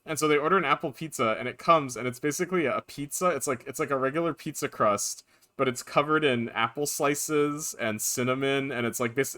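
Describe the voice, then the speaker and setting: A man streaming a video game live, chatting casually and rambling through animated anecdotes. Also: mid-range voice.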